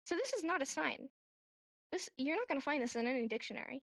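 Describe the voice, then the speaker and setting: Brief: woman, high pitch, dry close sound, animated class teacher acting out examples. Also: fast talker, vocal fry, no echo. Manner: animated, acts out examples in voices. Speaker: sign language teacher. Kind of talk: casual online class explanation. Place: VR chat room.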